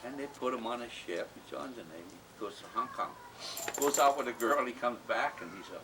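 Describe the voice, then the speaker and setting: A man telling a joke at a family birthday party, acting out the characters and dropping to hushed asides. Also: on the low side, a little fast. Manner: animated, puts on voices, hushed asides. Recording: distant home camcorder, noisy room.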